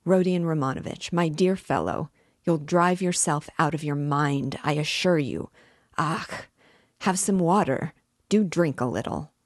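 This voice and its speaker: A talkative, ironical middle-aged magistrate, put on by a woman reading an audiobook, fussing and needling in turn. The voice sits low and the recording is close and dry. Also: a little slow, no echo. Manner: chatty, mock-solicitous, needling.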